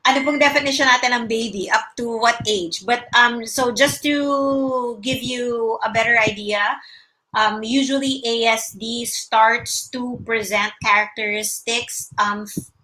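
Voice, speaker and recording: A woman's voice: fairly high pitch, steady tone, unhurried, pushed and bright, low-quality recording. A Filipino woman, a speech-language pathologist, giving casual livestream advice in a mix of English and Tagalog and explaining patiently. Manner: explains patiently, demonstrating mouth sounds with emphasis; greets viewers by name.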